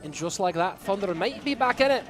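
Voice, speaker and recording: Playful Scottish-accented caster, a man putting it on, high voice, live play-by-play over game music. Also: a little fast. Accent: put-on Scottish. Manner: excitable, playful, teasing. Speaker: esports caster. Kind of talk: live esports commentary.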